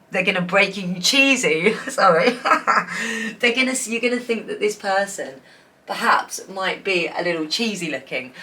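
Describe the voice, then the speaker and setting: In a casual pick-a-card reading, a female tarot reader chats enthusiastically with her viewers and often breaks into giggles. Her voice is fairly low-pitched with a sharp tone.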